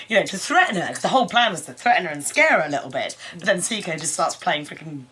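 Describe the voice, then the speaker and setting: Woman, casual review chat, lively swooping pitch, acts out quotes. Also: brisk, hardly any pauses, slightly rough. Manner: animated, acts out lines in high voices. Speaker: co-host of an anime review channel.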